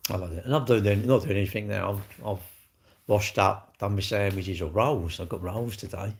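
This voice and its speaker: A man in his 60s rambles casually on a live stream, answering viewer comments in a lowish voice at normal speed. He's chatty and keeps tacking tag questions onto the ends of his sentences.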